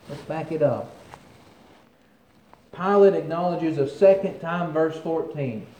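A man's voice: a little high, slow pace, pauses often, mellow. Man preaching in an echoey room. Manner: reads scripture aloud with rising force, comments conversationally. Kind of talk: sermon with scripture reading.

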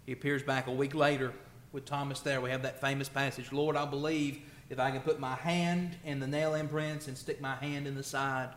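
A man preaching a sermon in a church. He is emotional, swelling loud on scripture and then dropping soft. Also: mid-range voice, level tone, normal speed, roomy sound. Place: church sanctuary.

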